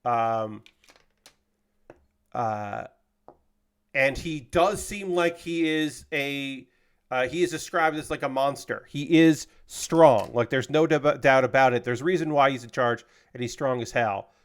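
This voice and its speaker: On a livestream, a man casually recaps an anime episode, loose and profane, with plenty of fillers and restarts. His mid-range voice is smooth and a little slow, and he gets heated and indignant about unfair characters.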